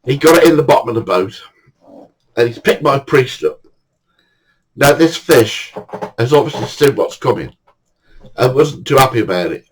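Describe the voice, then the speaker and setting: A man's voice: medium pitch, animated, moderate pace, long pauses, breathy edge, poor audio. An older man casually telling a funny true anecdote, chatty and swearing now and then, acting out the dialogue. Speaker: storyteller.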